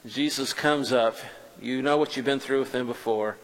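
Male preacher, mid pitch, tells the story in first person, loud then hushed, long hall reverb. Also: moderate pace. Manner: animated, swings between loud and hushed.

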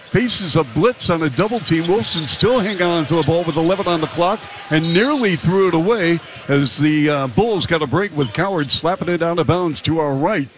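This is a male basketball play-by-play announcer whose voice sits a little high and pushes to a shout when the action peaks. He calls each possession fast and punchy. The broadcast carries steady arena noise behind him. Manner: rapid, punchy calls that rise to shouts on big plays. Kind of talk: live basketball commentary.

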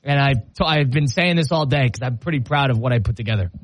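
A man's voice: mid-range voice, quick pace, no room sound. A man hosting a show, telling a self-mocking story in casual on-air banter and laughing often. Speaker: radio show host.

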